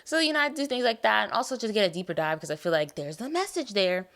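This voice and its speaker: A tired young American woman hosting a podcast, chatting casually about a TV show in a rambling, animated way. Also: medium pitch, fast talker. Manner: rambling, animated, trails off and restarts. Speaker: podcast host. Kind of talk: casual TV review chat.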